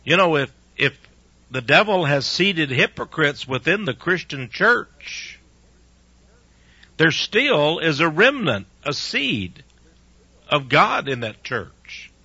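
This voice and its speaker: Lively-voiced male radio preacher, lo-fi. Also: fairly high pitch, slow, slightly rough, no room sound. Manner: earnest, preachy, uses rhetorical questions. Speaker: radio preacher and show host. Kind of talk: conversational radio sermon.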